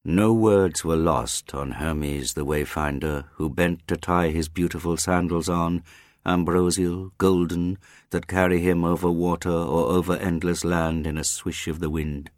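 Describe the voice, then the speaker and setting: A man reading a literary audiobook in a slow, measured and grave manner. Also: deep voice, fairly even intonation, no room sound, studio quality. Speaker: audiobook narrator.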